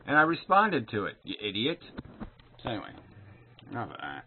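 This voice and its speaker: A man's voice: a little high, sing-song, a little fast, a little hiss or hum. A man recording an angry, profane, sarcastic response video, picking apart another man's claims. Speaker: video commentator. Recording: tinny phone-like sound.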